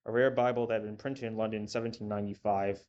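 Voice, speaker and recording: A man reading a story aloud in a steady, measured narration. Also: fairly low pitch. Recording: dull lo-fi with faint hiss.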